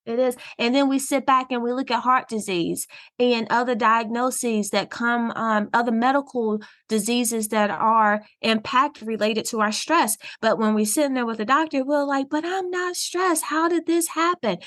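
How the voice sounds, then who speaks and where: Woman, southern us accent, counselor guest, earnest explaining, higher pitch. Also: steady tone, normal speed. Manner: earnest, explanatory, warm laughs. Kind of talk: podcast interview.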